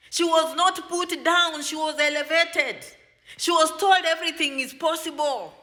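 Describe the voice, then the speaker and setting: A woman delivers a motivational advice talk straight to camera. Her voice sits high and sounds bright and forward. She lectures her audience directly and keeps throwing rhetorical questions at them. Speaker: advice vlogger for immigrants.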